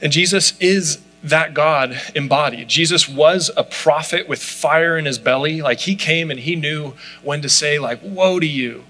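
Man, sermon, bright tense voice, slightly high, chatty with fillers. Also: a little slow, hardly any pauses, rough recording. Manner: conversational, frequent "like" fillers. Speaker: pastor.

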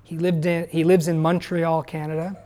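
A man's voice: fairly high pitch, flat delivery, normal speed, mellow. A man preaching a sermon to his congregation, talking plainly and asking the listeners questions. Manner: conversational, asks the listeners questions. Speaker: pastor.

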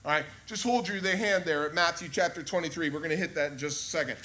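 A man preaching a sermon, conversational and animated, asking his listeners questions. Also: on the high side, fast. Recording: echoey room with faint ambience.

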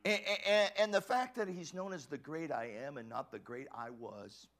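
Preaching at a normal speed, this man has a slightly high voice that drops to hushed murmurs and rises to fervent shouts. He tends to repeat himself and begin sentences again.

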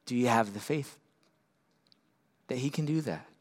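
A man preaching a sermon as pastor, swinging from loud, urgent peaks down to quiet, earnest lows. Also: unhurried.

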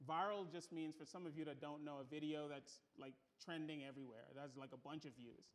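Preaching to a congregation in a church room, this male pastor speaks briskly on the high side with a steady tone. He is emphatic and drives his points home with repeated phrases.

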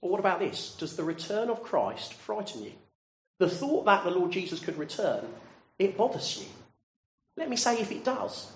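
A man preaching a sermon, earnestly putting direct questions to his listeners. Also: high voice. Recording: roomy echo.

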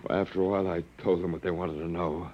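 An actor playing a stubborn, worn-out human captive who swings between defiance and pleading, in an old radio drama. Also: male voice, low voice, little pitch movement, fast, slight background noise, lightly acted. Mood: weary. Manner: defiant, then pleading and shaken. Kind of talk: 1950s radio drama acting. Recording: dull lo-fi old radio broadcast.

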